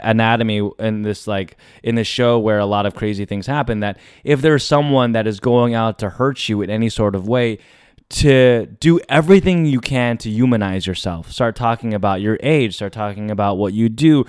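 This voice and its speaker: A podcast host telling a story in a casual, animated and dramatic way. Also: male voice, mid-range voice, clear, resonant tone, no echo, clean studio sound.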